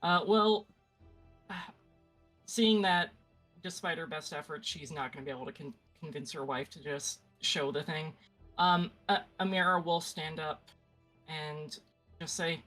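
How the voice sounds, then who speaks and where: A woman's voice: low-pitched, unhurried, a bit bright, soft background music, low-quality recording. A woman playing a tabletop game, hesitant and thinking aloud. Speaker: player.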